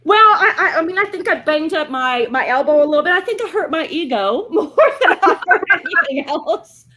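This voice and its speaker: A woman, telling an animated story on a casual video call chat and laughing often. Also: extremely high pitch, normal speed, slight background noise. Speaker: co-host.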